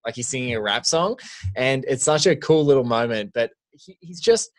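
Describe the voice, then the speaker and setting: Male podcast co-host, chatty and animated, lots of "like", mid-pitched. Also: normal speed. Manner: animated, heavy use of "like". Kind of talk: casual film chat.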